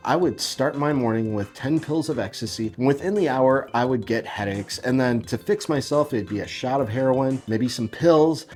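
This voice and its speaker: A man telling a confessional story in a profane, sarcastic, self-mocking and animated way. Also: medium pitch, normal speed, hardly any pauses, faint music behind.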